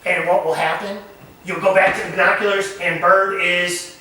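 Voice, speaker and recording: A man teaching a camp nature lesson, animated and asking the group questions. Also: high-pitched, normal speed, background noise. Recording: echoey room recorded from far off.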